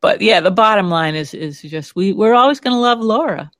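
A podcast co-host chatting casually, agreeable and quick to laugh, with many short backchannels. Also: mid-range voice, animated, fairly bright tone, no room sound. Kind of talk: casual chat about a soap opera.

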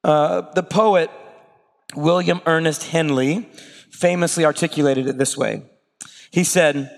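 Man, sermon, high voice, conversational preaching, long hall reverb. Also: fairly even intonation, a little slow, vocal fry, long pauses. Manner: conversational preaching with acted asides. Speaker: pastor.

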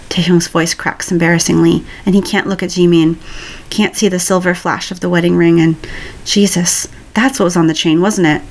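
A woman reading a romance story aloud in a calm, even storytelling voice. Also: on the low side, normal speed. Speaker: story reader. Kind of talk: reading fan fiction aloud.

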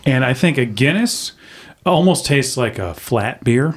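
A man's voice: mid-range voice, lively intonation, unhurried. A man hosting a casual podcast chat, steering the talk and asking others in turn. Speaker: podcast host.

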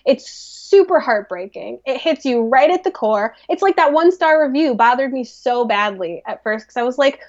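A woman from the American Midwest with a Midwestern accent, co-hosting a podcast in animated, self-mocking casual chat. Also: high voice, moderate pace, hardly any pauses, dull audio. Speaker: podcast co-host.

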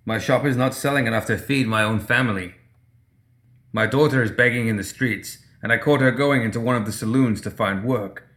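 A man's voice: mid-range voice, a little fast, fairly bright tone, natural voice. A man voicing a beaten, desperate shopkeeper who pleads and cries out in pain.

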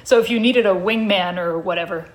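A woman voicing a flustered, defensive male tiger who rambles through quick denials, as part of a comic story reading at a live show. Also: mid-range voice, lightly acted. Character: anxious, defensive male tiger, imaginary friend.

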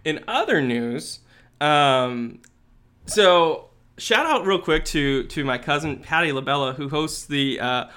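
A man's voice: fairly high pitch, lively intonation, takes it slowly, sharp tone, clean tone. A man co-hosting a podcast, casually chatting with playful, teasing asides. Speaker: podcast co-host. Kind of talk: casual chat.

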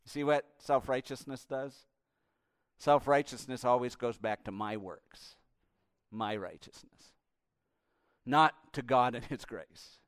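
A male pastor preaching a sermon with passion, swinging between hushed and loud passages. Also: mid-range voice, slow, long pauses, smooth, dry recording, studio quality.

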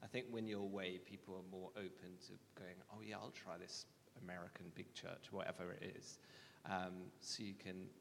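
A man tells a personal faith story with candid, self-deprecating honesty. His voice sits low and carries a gravelly fry. The sound rings with the long reverb of a large hall over a faint rumble. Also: level tone, normal speed, few pauses. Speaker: guest speaker.

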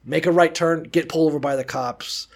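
A man's voice: fairly high pitch, steady tone, a little fast. A young man co-hosting a podcast, telling crude, funny stories in casual chat and laughing often. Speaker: podcast co-host.

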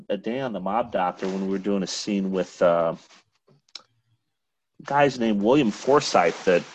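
Man with a low voice. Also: husky. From Chicago, United States. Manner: rambling, full of restarts and "like". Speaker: interview guest, actor. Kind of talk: casual interview conversation. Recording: dull, muffled lo-fi sound.

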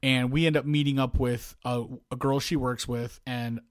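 A man's voice: mid-range voice, normal speed, no room sound, studio quality. A man in his thirties co-hosting a casual comedy podcast, telling a story and acting out the people in it. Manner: animated storyteller, acts out quoted voices. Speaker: podcast co-host.

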